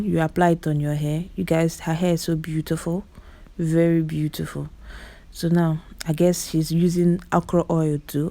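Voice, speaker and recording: A vlogger with a Nigerian Igbo accent provides chatty voice-over commentary on clips in a deep, warm voice with vocal fry. She exclaims often, repeats words for emphasis, and speaks straight to her viewers.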